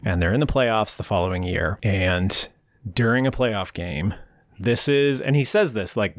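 A man chatting casually as a podcast co-host, an animated storyteller who laughs often. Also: low voice, moderate pace, no echo, clean studio sound. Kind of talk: casual chat.

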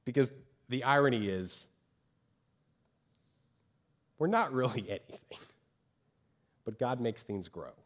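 A man preaching a sermon as pastor from a church stage, talking conversationally and acting out quoted voices with lively jumps. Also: medium pitch, moderate pace.

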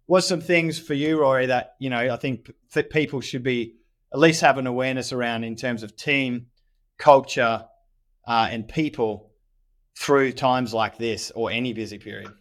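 An Australian man hosts a podcast and coaches business owners in a persuasive, direct way. His voice sits in an ordinary middle pitch, and he talks steadily and casually. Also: normal speed.

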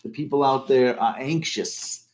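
A man's voice: mid-range voice, a little slow, a little mellow, slight background noise. Jokey man hosting a kids' read-aloud. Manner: jokey, chatty, acts out characters. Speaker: storytelling host. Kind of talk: playful read-aloud for kids.

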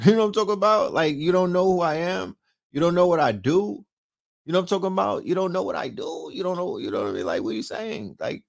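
The host of a late-night livestream has a fairly high-pitched, gravelly voice with a darkish tone. He's brash and profane, trash-talking and peppering viewers with rhetorical questions and asides. The recording is dry and studio-clean.

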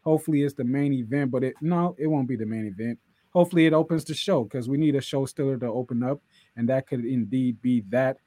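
A man co-hosting a casual wrestling podcast, animated and joking as he recaps the show. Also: mid-range voice, fast, no room sound. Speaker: podcast co-host.

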